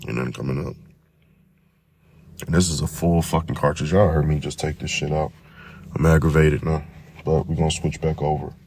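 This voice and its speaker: A man hosting a podcast, talking in a profane, rambling, casual monologue full of drawn-out repetitions. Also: rumbling low, darkish tone, slight background noise. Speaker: podcast host.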